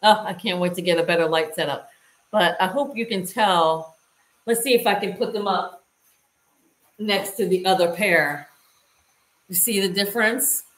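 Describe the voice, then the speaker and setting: A woman's voice: mid-range voice, moderate pace, pauses often, a bit bright. A woman vlogger casually demonstrating a hands-on task and chatting to her viewers as she works. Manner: chatty, talks to viewers while working. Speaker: lifestyle vlogger. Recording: roomy echo.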